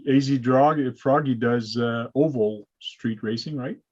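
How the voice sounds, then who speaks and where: A man's voice: mid-range voice, a little slow, a little mellow. Chatty man hosting a lo-fi call. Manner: chatty, explains step by step with many uh's. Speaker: host. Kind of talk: casual hobby livestream chat. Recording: lo-fi dull sound.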